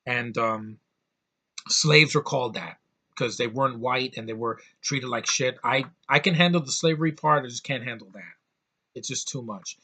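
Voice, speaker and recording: A man reviewing a movie in a loose, unscripted way, blunt and quick to curse, often stumbling and restarting mid-sentence. His voice is bright and forward, with a middle pitch. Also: breathy edge. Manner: blunt, rambling, swears often, many restarts. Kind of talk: casual film review.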